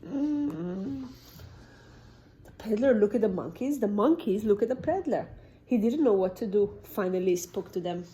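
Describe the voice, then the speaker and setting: A woman preschool teacher reading a picture book aloud to toddlers, animated, with gasps and sudden whispers. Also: mid-range voice, moderate pace, slight background noise. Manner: animated, gasping, dropping to whispers.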